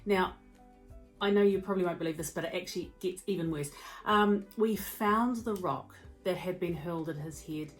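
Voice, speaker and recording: NZ-woman, mental health speaker; lowish voice, expressive conversational storytelling over faint music. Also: moderate pace. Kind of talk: motivational talk.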